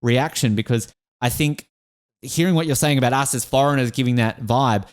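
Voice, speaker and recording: An Australian man hosts a podcast in a smooth, mid-range voice at a moderate pace. He chats casually and enthusiastically, grows emotional, and frequently restarts his sentences.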